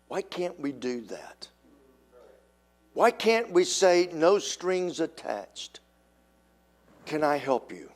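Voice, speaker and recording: Slow, emphatic older male preacher. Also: a little high. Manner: animated, acts out quoted voices. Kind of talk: sermon.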